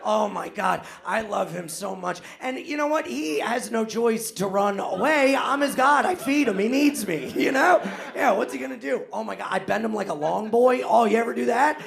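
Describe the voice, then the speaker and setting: A man doing a loud, manic, self-mocking stand-up set on a club stage in front of a live audience, often laughing at his own jokes. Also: high voice, normal speed, gravelly, hardly any pauses. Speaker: stand-up comedian.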